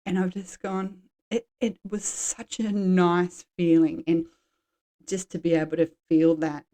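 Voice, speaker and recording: Woman in her forties, podcast host, low warm voice, candid and loose, happy to swear. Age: 40s. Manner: frank, rambling, drops swear words. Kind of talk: candid personal chat.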